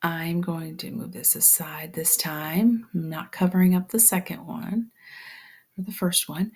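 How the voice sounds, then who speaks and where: A woman teaching a phonics lesson step by step, patient and slow, often dropping to a whisper. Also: lowish voice, darkish tone, breathy edge.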